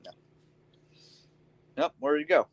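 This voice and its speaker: Young male host, easygoing and loose, swears casually, slightly high pitch. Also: measured pace, dry recording, rough recording. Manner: laid-back, swears casually, trails off with ums. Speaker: chat room host. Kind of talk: casual group chat.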